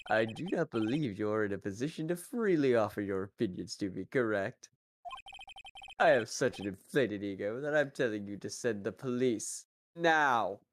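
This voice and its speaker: A man's voice: lowish voice, expressive, moderate pace, slight background noise, natural voice. Man doing a pompous villain with a British accent. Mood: grandiose. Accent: put-on British. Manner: grandiose, smug, theatrical. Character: pompous villainous rich businessman. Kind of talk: fan voice-over of a game.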